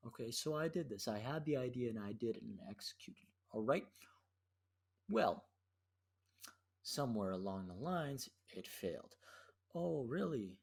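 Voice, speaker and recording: A man's voice: mid-range voice, normal speed, pauses often. A young man telling a story as a podcast host, slangy and profane, with lots of "dude". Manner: slangy and profane, says "dude" a lot, animated retelling. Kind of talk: casual storytelling monologue.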